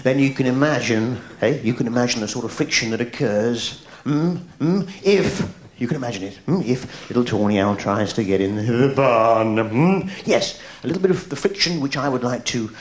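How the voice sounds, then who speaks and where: A man's voice: medium pitch, expressive, normal speed, few pauses. A man performing an absurdist stand-up comedy routine on stage, full of quizzical questioning hums. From England. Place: theatre stage. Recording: live show with roomy echo and audience noise.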